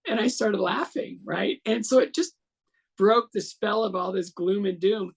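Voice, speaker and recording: Guest storyteller: man in his 60s, gravelly, animated, acts out quotes. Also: high-pitched, normal speed. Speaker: interview guest. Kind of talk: storytelling in an interview.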